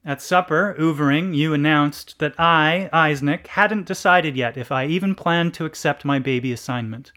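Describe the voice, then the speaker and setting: A man reading a literary story aloud in a deliberate, deadpan narration. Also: on the high side.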